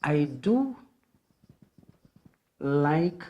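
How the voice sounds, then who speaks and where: A grammar teacher gives a lesson in an unhurried, deliberate way. Each example is said twice or more, and the explanation moves step by step. Short fillers break up the sentences as the rule is built. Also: medium pitch, sing-song, muffled recording. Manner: patient, repeats each phrase and rule several times. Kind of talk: classroom grammar lesson at a board.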